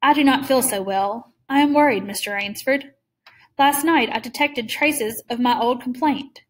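A suave, menacing older general, put on by a woman reading a story aloud, speaking with polished and amused courtesy. The voice sits fairly high and never loses its smooth poise. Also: moderate pace, lightly acted.

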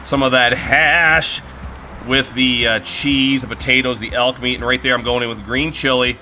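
There's slight background noise as a middle-aged man hosts his casual griddle cooking video in the garage at home. His mid-range voice has a bright, forceful tone, fairly even intonation and a moderate pace, and he's chatty with frequent laughs.

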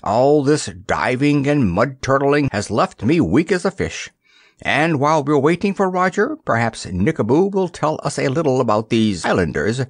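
A man voicing a timid, fussy little king in a storybook, nervous and quick to giggle. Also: medium pitch, sing-song, breathy edge, dry recording, studio quality, voice pushed up.

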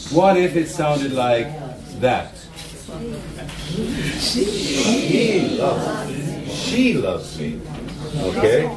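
A man with a Brazilian Portuguese accent gives a conference workshop to teachers. He speaks deliberately and acts out stressed words in slow, exaggerated examples. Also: mid-range voice. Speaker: teacher trainer giving a conference talk. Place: conference hall with an audience. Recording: echoey hall from a distance with audience.

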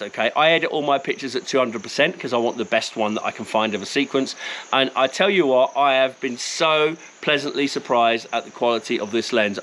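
This is a man with a Cockney accent, a wildlife photographer reviewing gear in the bush, speaking casually and eagerly to camera and poking fun at himself. His voice is mid-range with a sharp tone, and the rough recording carries a little hiss or hum.

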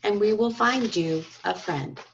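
A woman's voice: mid-range voice, measured pace, gravelly, slight background noise. A woman reading as a tender sister moon. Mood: caring. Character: caring female moon, kind older sister. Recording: dull lo-fi recording.

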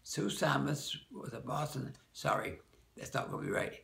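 An older man, a dance teacher, recalling people from the past in a rambling, halting way, often correcting himself. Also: mid-range voice, sing-song, creaky, sharp tone, roomy sound. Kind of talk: oral-history reminiscence.

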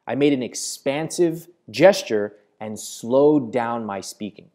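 A man teaching to camera in a studio, with a mellow, warm tone. His pitch moves a lot as he talks, and he keeps his delivery expressive and deliberate. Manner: expressive, varied intonation, deliberate slowing. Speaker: host. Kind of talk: instructional talk to camera.

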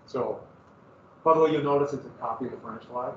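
A man's voice: medium pitch, fairly quick, a bit bright, slight background noise. A male teacher chatting casually and rambling to his class in a classroom. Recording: echoey room, far from mic, muffled.

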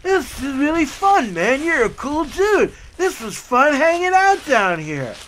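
A man's voice: extremely high pitch, big pitch swings, unhurried, fairly bright tone, slight background noise, pitched above the performer's own voice, full character voice. A man voicing a tall, friendly, tipsy teenage guy at a party, laid-back and keen, always calling people "man.". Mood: chummy. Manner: laid-back, enthusiastic, keeps saying "man".

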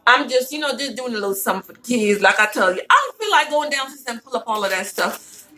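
Woman, casual haul vlogger, chatty and playful, bright tense tone, higher voice. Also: sing-song, quick pace, low-quality recording. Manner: chatty, playful, talks straight to viewers. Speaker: lifestyle vlogger showing a shopping haul.

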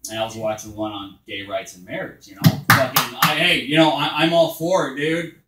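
A man doing crude open-mic stand-up at a bar, telling stories loosely and shouting his punchlines. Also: mid-range voice, steady tone, brisk, roomy sound, very noisy. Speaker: stand-up comedian. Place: small bar stage.

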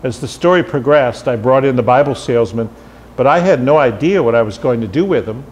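A man giving a seminar lecture on writing, thoughtful and loose, pausing often on fillers. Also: mid-range voice, a little mellow. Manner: thoughtful, with frequent fillers and restarts.

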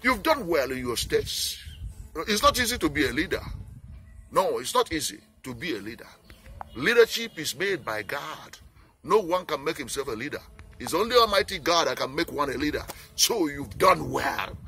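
Nigerian male campaigner, earnest and pleading, bright tense voice that swings widely. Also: on the high side, sing-song, moderate pace, soft background music. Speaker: peace campaigner. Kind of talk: impassioned appeal speech.

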